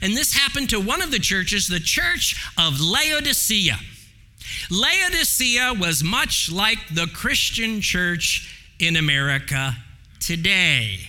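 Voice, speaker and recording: A man's voice: sits high, sing-song, measured pace, pushed and bright. Emphatic male preacher in a reverberant church. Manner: emphatic, preacherly, varies pace for stress. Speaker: pastor. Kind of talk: sermon. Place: church sanctuary. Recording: long hall reverb.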